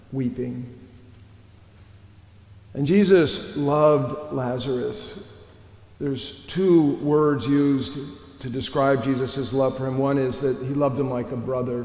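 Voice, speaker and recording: A man preaching a sermon as pastor, telling a personal story in a slow, reflective way with long pauses. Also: mid-range voice, a little mellow. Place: church. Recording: echoey church hall.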